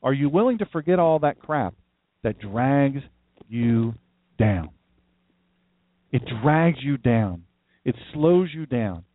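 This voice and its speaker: A man's voice: mid-range voice, very animated, slow, pauses often, no echo. A man from downstate Delaware preaching a livestream sermon as pastor, folksy and conversational, with rambling asides. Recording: dry, tinny phone-like sound.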